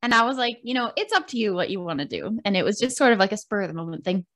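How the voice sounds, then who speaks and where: A young woman with a Canadian accent tells a dating story on a podcast, lively and quick to laugh. Her voice sits at an ordinary middle pitch for a woman, and she keeps slipping into little quoted voices as she talks. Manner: animated, laughs often, acts out quoted voices. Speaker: podcast co-host. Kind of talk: casual storytelling chat.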